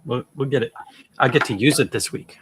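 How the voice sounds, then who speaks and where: A man's voice: medium pitch, fairly quick, fairly bright tone, a little hiss or hum. A man joining his partner's livestream from home, making joking, playful asides. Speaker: co-host, partner of the host. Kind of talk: casual chat.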